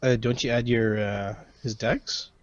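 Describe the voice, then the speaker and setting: A man's voice: medium pitch, fairly even intonation, a little slow, no echo, dull audio. A man playing in a tabletop game, talking unhurriedly and hesitantly. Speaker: player. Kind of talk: casual tabletop game chat.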